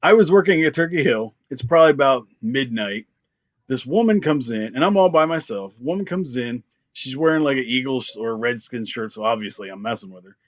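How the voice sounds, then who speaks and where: A man's voice: mid-range voice, a little fast, no echo, highs cut off. A young man from Pennsylvania, a drummer, telling a story in casual chat, laughing often and acting out the voices of people in it. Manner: animated, laughs often, acts out quoted lines. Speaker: band drummer, guest.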